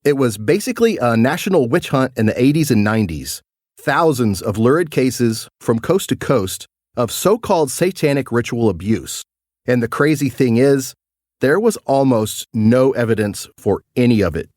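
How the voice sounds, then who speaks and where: A man hosting a podcast, delivering scripted narration in a measured storytelling manner. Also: medium pitch, expressive, darkish tone, no echo, clean studio sound.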